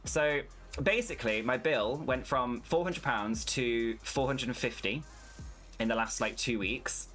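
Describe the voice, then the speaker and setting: A man's voice: mid-range voice, a little slow, a bit bright, soft background music. A young man streaming a farming game, chatting casually and swearing freely while he rants. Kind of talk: casual gameplay commentary.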